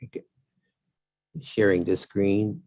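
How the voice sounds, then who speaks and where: A man, a partner at an audit firm, giving a measured, formal presentation of audit results at a council hearing over a video call. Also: on the low side, level tone, warm tone, no room sound. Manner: measured, formal, with some fillers.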